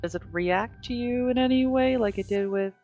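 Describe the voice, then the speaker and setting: A woman playing a tabletop role-playing game, chatty and quick to laugh. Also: a little high, a little mellow, dull audio, faint music behind. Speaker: player. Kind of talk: casual in-character play.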